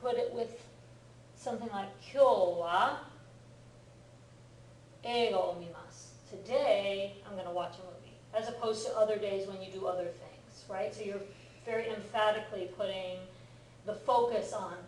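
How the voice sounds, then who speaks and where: A woman's voice: mid-range voice, steady tone, moderate pace, darkish tone, recorded from a distance, slight background noise. A middle-aged woman teaching a class, explaining patiently and often checking that students follow. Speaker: Japanese language teacher. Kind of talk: classroom lecture. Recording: echoey classroom recorded from afar.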